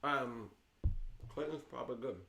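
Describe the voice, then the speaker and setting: A man's voice: medium pitch, measured pace, vocal fry, pushed and bright, slight background noise. A man in mid-register casual chat, rambling from one thought to the next and restarting sentences as he goes. The sound is roomy and echoey. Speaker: livestream co-host.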